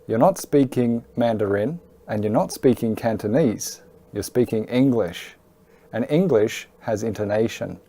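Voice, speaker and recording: A man's voice: on the low side, dark tone. A man teaching pronunciation in a video lesson, explaining patiently and stressing key points. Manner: clear, patient, emphatic teaching. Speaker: IELTS teacher. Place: Hong Kong.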